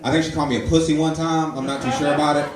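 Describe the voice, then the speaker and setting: A man in his twenties doing a stand-up comedy set, telling stories with loud acted-out quotes. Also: on the high side, steady tone, rapid-fire, far from the mic, crowd noise. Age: 20s. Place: comedy club stage. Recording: echoey live room, audience laughter. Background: audience laughing.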